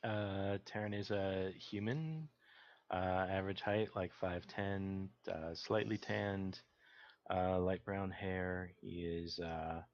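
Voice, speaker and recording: A man with a deep voice describes his character slowly and hesitantly, with many fillers. The audio is dry, dull and lo-fi, like voice chat. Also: fairly even intonation. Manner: slow, hesitant, lots of fillers. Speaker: player.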